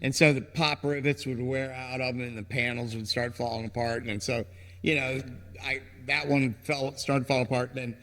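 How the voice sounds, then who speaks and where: A man who founded a ministry, guesting on a podcast and telling rambling, animated stories, often acting out what people said. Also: mid-range voice, moderate pace. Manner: rambling, animated storyteller who acts out quotes. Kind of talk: casual storytelling interview. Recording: long reverb, hall-like room.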